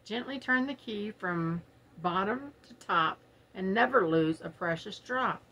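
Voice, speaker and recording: A woman's voice: medium pitch, animated, a little slow, pushed and bright. A middle-aged woman, chatting casually and giggling as she unboxes products at home for her viewers. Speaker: unboxing vlogger. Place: home, early morning.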